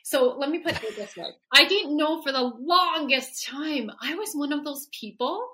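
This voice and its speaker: Bright animated woman in her forties. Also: sits high, moderate pace. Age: 40s. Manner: animated, laughs often, acts out quoted dialogue. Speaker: healer and coach, guest. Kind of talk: casual interview conversation.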